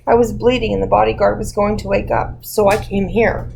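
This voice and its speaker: A desperate man, as a woman reader voices him, panicked and apologetic in an audiobook. The delivery is raised and urgent, with a gravelly texture. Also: medium pitch, level tone, fairly quick, darkish tone, a little hiss or hum, rough recording. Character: desperate young man, guilty and pleading.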